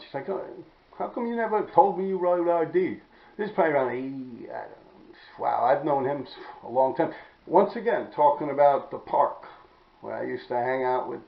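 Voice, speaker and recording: New guy rambling on his podcast, super gravelly, swears a lot, keeps clearing his throat, echoey room. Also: medium pitch. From New York City. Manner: blunt, profane, rambling, clears throat often. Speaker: podcast host telling graffiti stories. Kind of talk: casual storytelling monologue. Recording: roomy, dull-sounding recording.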